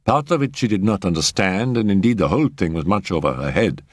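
A man narrating a first-person story aloud in an expressive, varied delivery. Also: low voice, fairly quick, no echo, clean studio sound. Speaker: audiobook narrator.

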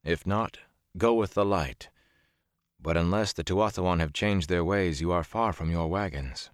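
A man narrating a storybook who voices a young man speaking softly and with restraint. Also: low voice, moderate pace, dry recording, studio quality. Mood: gentle. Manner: soft, restrained. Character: young male blacksmith-soldier, quiet and careful.

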